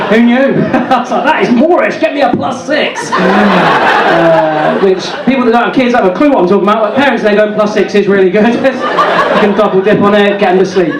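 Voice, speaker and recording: A man's voice: sits high, recorded from a distance, very noisy. A man doing a stand-up set, rambling and self-mocking, with false starts between jokes. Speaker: stand-up comedian. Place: comedy club stage. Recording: roomy club recording with loud crowd. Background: audience laughing.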